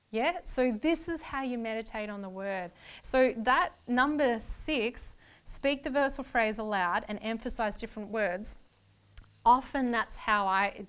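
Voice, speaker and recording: A woman giving an earnest church lecture on Bible meditation, stressing key words again and again, and laughing easily when she gets excited. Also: on the high side, clean tone. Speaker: Bible teacher.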